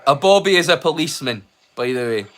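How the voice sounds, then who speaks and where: High-voiced Scottish man chatting. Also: expressive, quick pace. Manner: rambling and chatty, breaks into song. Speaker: host of a live watch-along stream. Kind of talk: casual chat.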